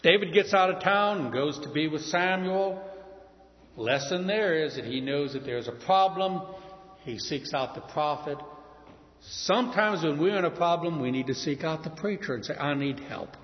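A man preaching a sermon, retelling a story with lively asides to the congregation. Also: fairly high pitch, moderate pace. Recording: dull recording in a reverberant hall.

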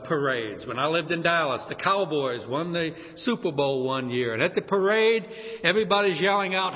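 A man from New Orleans with a New Orleans accent preaching a sermon as pastor, telling stories in a lively way and acting out shouted quotes. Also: a little high. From New Orleans, USA. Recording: muffled sound with long hall reverb.

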